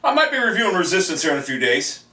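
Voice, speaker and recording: A man ranting in a video blog, profane and rambling, who breaks into shouts, recorded in a back room of his house. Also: sits high, sing-song, rapid-fire, recorded from a distance. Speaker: video game vlogger. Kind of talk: profane game-console rant. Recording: echoey room, voice off-mic.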